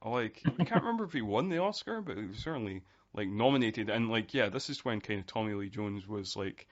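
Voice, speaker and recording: A man with a low voice chats as a podcast guest. He rambles and fills his sentences with hesitations. The recording is somewhat dull and lo-fi. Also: lively intonation, a little fast. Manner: rambling, full of fillers. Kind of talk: casual podcast chat. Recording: dull, lo-fi sound.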